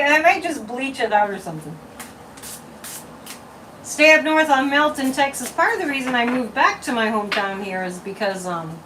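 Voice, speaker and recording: A woman from Massachusetts chats through a casual psychic livestream at home, her voice sitting a little high. She is talky and mocking, repeating words in strings. The mic is some way off, with a faint hiss behind her. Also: a bit bright, recorded from a distance, poor audio. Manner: chatty, repetitive, mocking, with frequent laughs.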